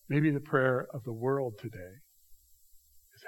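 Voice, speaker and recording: A man preaching a sermon in a church, swinging between loud, raised passages and hushed, quiet asides. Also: mid-range voice, expressive, a little slow, pauses often. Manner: dramatic shifts between loud acted quotes and hushed asides. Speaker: pastor.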